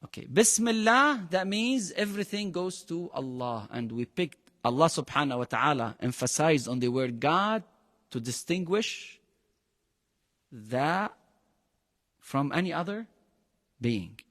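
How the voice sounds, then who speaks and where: A man with an Arabic accent teaching a class on the Quran in English, animated, often firing questions at his students. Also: measured pace, no echo, in a large hall. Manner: animated, questioning the class, pitch jumping high for emphasis. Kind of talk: interactive religious lesson.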